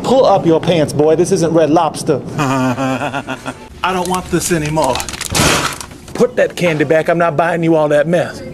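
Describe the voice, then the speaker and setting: A man's voice: a little high, fairly even intonation, unhurried, long pauses, pitched below the performer's own voice. A man voicing a stern parent barking orders at the kids, over a noisy recording. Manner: scolding, sharp commands. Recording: noisy background hiss.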